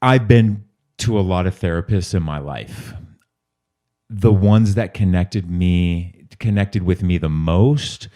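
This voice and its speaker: A man's voice: low-pitched, takes it slowly, warm tone. A man hosting a recovery podcast who tells candid personal stories and acts out the voices in his quotes. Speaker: podcast host. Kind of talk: interview conversation.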